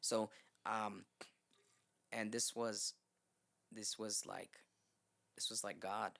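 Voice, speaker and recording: A man's voice: lowish voice, slow, creaky. A man as a podcast guest, telling a long story in a casual, rambling way, swearing freely and acting out what people said. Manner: rambling, animated, swears freely, acts out quotes. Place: podcast studio.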